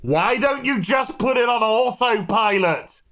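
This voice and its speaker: A man's voice: extremely high pitch, animated, measured pace, fairly bright tone. A man ranting sarcastically in an exasperated review vlog about a TV episode. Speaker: TV show reviewer.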